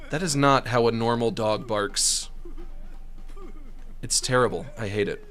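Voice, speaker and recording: A man's voice: medium pitch, unhurried, long pauses, a bit bright. A young man giving casual, sarcastic commentary while playing a video game, joking around and reading the text aloud.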